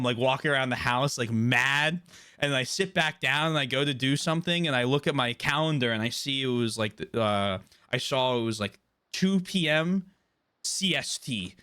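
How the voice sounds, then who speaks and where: A young man in his twenties streams a game and chats loosely, spinning animated stories peppered with swearing and laughs. His voice is bright and forward, sitting at an ordinary middle pitch for a man. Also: moderate pace, clean tone. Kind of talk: casual chat during a live game stream.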